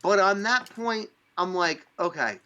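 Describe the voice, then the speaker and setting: A man's voice: high voice, animated, measured pace, pushed and bright. A man from upstate New York hosting a casual podcast chat, rambling and swearing with lots of fillers. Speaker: podcast host. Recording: dull lo-fi sound.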